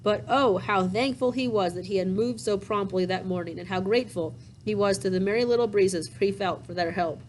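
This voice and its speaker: A woman reading a classic children's storybook aloud, pausing to explain things to young listeners in a gentle, chatty way. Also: mid-range voice, slight background noise, low-quality recording. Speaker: storybook reader.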